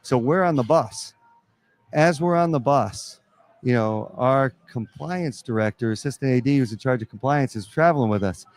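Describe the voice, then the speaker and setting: A man who coaches college basketball, telling lively stories in a live podcast interview at a pizza restaurant. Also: mid-range voice, moderate pace. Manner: animated storyteller acting out quotes.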